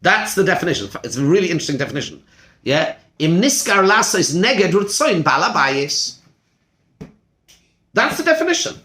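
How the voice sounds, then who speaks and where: A man teaching a Torah class as a rabbi, animated and full of rhetorical questions. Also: high-pitched, moderate pace, echoey room. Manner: animated, uses Hebrew terms, asks rhetorical questions. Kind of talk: lively Torah lesson.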